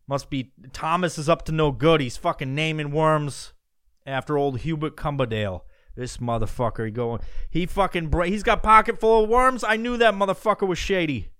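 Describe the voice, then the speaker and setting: Foul-mouthed man ranting loudly. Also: fairly high pitch, smooth, no echo. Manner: profane, loud, mocking. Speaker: podcast host. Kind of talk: comedic rant.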